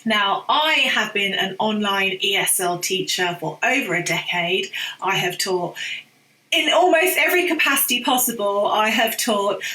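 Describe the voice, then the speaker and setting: Bright-voiced woman in an echoey room. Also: medium pitch, lively intonation, a little slow. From England. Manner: chatty and opinionated, with asides and laughs. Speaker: online English teacher and business coach. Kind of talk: casual talk to camera. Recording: roomy echo.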